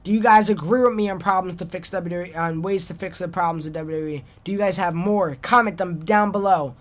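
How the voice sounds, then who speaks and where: A young man hosts his own solo wrestling podcast, talking briskly in a fairly high voice. He rambles casually, pokes fun at his own awkward sign-offs, and trails off into restarts.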